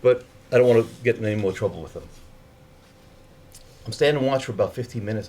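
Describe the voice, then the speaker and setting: A man's voice: fast talker, long pauses. Guy telling a wild story on stage, loose and swear-y, jumps his voice up doing the other people, little bit of hiss behind. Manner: animated, acting out the people he quotes with higher voices; swears casually. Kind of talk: live storytelling.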